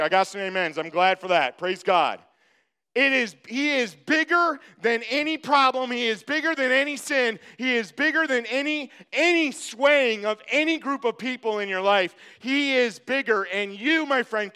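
Bright, high-voiced preaching man. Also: clear, resonant tone. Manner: emphatic preaching with repeated phrases; speaks to the congregation directly. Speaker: pastor. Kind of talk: sermon.

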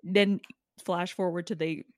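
A woman's voice: lowish voice, steady tone, unhurried, no echo, studio quality. A woman co-hosting a podcast, chatting casually in a snarky, gossipy way and laughing often. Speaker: podcast co-host. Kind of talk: casual chat.

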